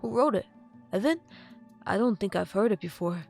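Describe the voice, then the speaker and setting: A woman's voice: medium pitch, expressive, moderate pace, vocal fry, faint music behind. A woman reading the lines of a large, guarded male drummer with a passive-aggressive edge. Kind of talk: audiobook character voice.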